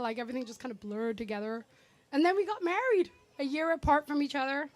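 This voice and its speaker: Woman, 30s, sister's birthday toast, chatty and affectionate, slightly high, dry. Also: animated, a little fast, no room sound. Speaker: younger sister giving a birthday speech. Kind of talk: heartfelt party speech. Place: party venue.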